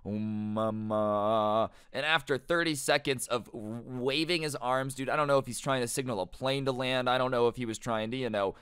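A young man hosting a casual storytime, telling the story in a slangy, animated way. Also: mid-range voice, a little fast, few pauses, smooth, no echo, clean studio sound. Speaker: storytime host.

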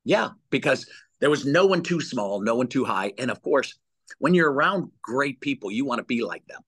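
A man telling lively stories as an interview guest, with many restarts and repeated words. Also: medium pitch, moderate pace, breathy edge, no echo. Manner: animated storyteller with many restarts. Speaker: executive search guest. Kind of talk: storytelling interview answers.

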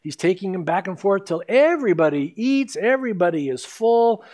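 A man with a high, light voice delivers an expository sermon from the pulpit. He walks the congregation through the passage in a lively storytelling way, acting out the voices of the people in the story. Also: fairly quick. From United States. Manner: animated storytelling, acts out quoted lines. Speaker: pastor.

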